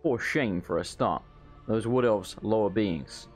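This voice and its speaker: A man's voice: lowish voice, measured pace, faint music behind. An Englishman with an English accent, giving rambling, jokey let's play commentary over a game and bantering with its characters. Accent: English, self-described as unusual. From England. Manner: rambling, joking, sweary banter. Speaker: gameplay commentator.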